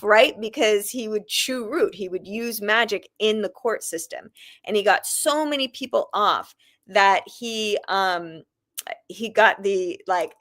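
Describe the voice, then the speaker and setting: A woman author, a guest on a podcast, telling a story in a casual, emphatic way with lots of fillers. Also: mid-range voice. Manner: animated, emphatic retelling with fillers.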